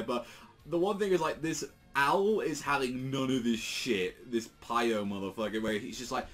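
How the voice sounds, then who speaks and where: A man's voice: medium pitch, lively intonation, moderate pace, a bit bright. A man reviewing a manga chapter in a loose, rambling way, full of fillers and swearing, briefly acting out characters' lines as he retells the scenes. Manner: rambling, lots of fillers and swearing, acts out quotes in passing.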